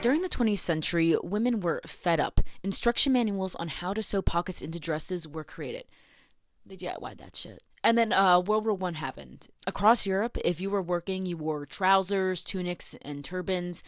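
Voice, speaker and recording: A woman's voice: fairly low pitch, moderate pace, no room sound, studio quality. A young American woman hosting a casual educational vlog, sarcastic and chatty, laughing between lines. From United States. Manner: sarcastic, giggly, chatty asides. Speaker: video essay host.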